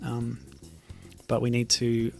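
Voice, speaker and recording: Halting man streaming old web games. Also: medium pitch, completely flat delivery, creaky, soft background music. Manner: hesitant, halting with frequent fillers; reads on-screen game text aloud. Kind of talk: casual gameplay commentary.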